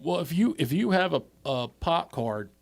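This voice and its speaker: A man co-hosting a podcast in casual chat, halting and often repeating his words. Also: a little high, big pitch swings, creaky. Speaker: podcast co-host.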